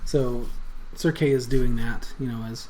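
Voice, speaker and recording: A man running a tabletop game as game master, describing scenes and explaining rules in a relaxed way. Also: medium pitch, unhurried, slight background noise.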